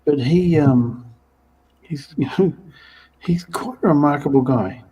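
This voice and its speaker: Mellow, husky Australian man chatting. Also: on the high side, a little slow, distant mic, rough recording. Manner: chatty, wry, with hesitations. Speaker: co-host. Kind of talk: casual livestream chat.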